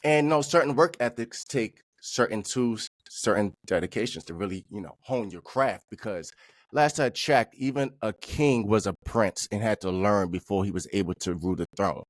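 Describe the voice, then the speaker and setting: A man's voice: lowish voice, moderate pace, dry recording, studio quality. A man hosting a podcast, speaking in a loose, reflective way with many fillers. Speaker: podcast host. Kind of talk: casual interview talk.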